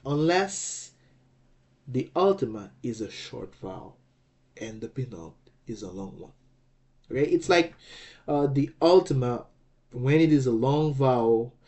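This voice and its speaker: A man teaching a grammar lesson, explaining slowly, repeating words and chuckling at his own jokes. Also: medium pitch, dark tone. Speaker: language teacher.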